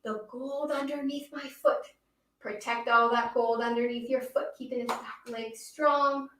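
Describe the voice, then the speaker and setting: A woman's voice: fairly high pitch, steady tone, measured pace, a bit bright, echoey room, recorded from a distance, a little hiss or hum. A woman teaching a yoga class for children and reading a picture book aloud, encouraging the kids and calling them her friends.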